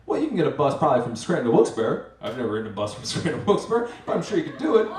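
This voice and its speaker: A man's voice: medium pitch, huge pitch swings, racing, few pauses, a crowd in the background. A man hosting a live story night, telling a story in a rambling, self-mocking way with many restarts. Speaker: master of ceremonies telling a story. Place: live event venue with an audience. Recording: roomy, distant mic, faint ambience.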